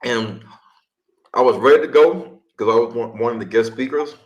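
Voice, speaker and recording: A man, a tour leader, telling a story in a casual, animated way, often repeating words and acting out what people said. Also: medium pitch, moderate pace. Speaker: tour leader and guest speaker. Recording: echoey room.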